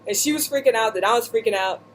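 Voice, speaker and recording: A woman vlogger seated indoors, casually telling a story in an animated, joking way with lots of asides. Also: fairly high pitch, fast talker, slight background noise, low-quality recording.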